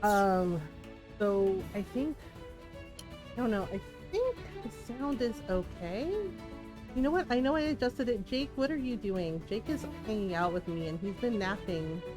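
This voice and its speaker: A woman's voice: mid-range voice, animated, measured pace, music in the background, rough recording. A woman streamer chatting casually with her viewers as she plays, rambling and laughing often. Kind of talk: casual chat while streaming a game.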